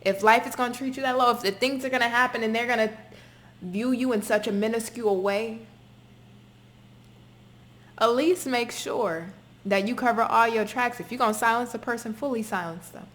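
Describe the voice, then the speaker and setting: A woman's voice: on the high side, normal speed, fairly bright tone. Emphatic woman giving a tarot reading. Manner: emphatic, repetitive, swears freely. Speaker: tarot reader. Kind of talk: spoken tarot reading to camera.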